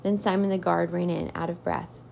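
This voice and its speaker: Gravelly woman reading a storybook. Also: lowish voice, level tone, moderate pace, darkish tone, slight background noise. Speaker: narrator.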